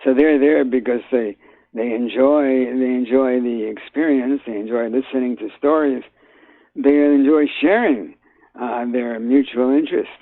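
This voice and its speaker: An older man, a guest actor, talking in a phone interview, halting with many fillers and restarts. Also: medium pitch, no echo. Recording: tinny phone line.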